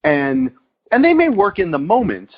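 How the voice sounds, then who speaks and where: A man hosting a podcast, asking a long question in a halting way with repeated words. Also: high-pitched, wildly swooping pitch. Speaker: podcast host. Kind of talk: interview questions. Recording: dull lo-fi audio.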